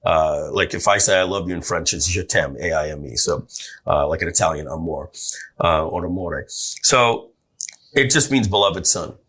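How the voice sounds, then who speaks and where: A man telling his story as a podcast guest, animated and full of restarts. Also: low-pitched, normal speed, breathy edge. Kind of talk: storytelling in a casual interview.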